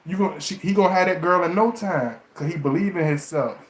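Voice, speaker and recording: A man giving relationship advice in a casual, animated monologue to camera, mocking and laughing often. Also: high-pitched, fast talker, echoey room.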